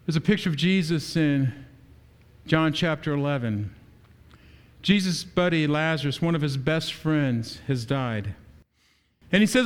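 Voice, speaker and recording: High-voiced man preaching a sermon. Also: measured pace, long pauses, clean tone. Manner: animated preaching with rhetorical questions. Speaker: pastor.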